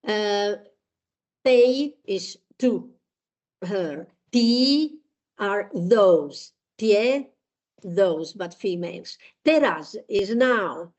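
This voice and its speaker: Woman, language teacher; unhurried, patient, lots of pauses and fillers. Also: mid-range voice, lively intonation, darkish tone. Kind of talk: online language lesson with repeat-after-me drills.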